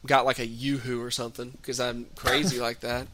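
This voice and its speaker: A man hosting a podcast, telling stories with dry, quick quips. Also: mid-range voice, level tone, bright, forceful tone. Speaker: podcast host. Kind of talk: casual podcast storytelling.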